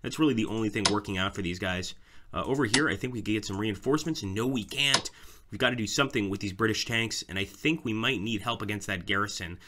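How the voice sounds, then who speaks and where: A man's voice: fairly low pitch, quick pace. A man giving casual commentary over a strategy game, thinking aloud about his moves and talking to viewers as guys. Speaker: let's play host. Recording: loud background noise.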